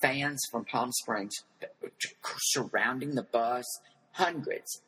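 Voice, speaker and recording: An older man as an interview guest, telling animated stories and acting out the voices of the people in them. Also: medium pitch, slow pace, husky, rough recording. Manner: flamboyant storyteller who acts out quoted voices.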